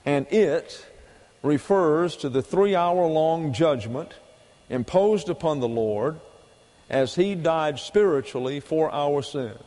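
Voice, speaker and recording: With a dark tone and a voice on the high side, a man slowly delivers a doctrinal sermon, breaking down Greek grammar point by point and repeating key phrases for emphasis. Long hall reverb fills the recording.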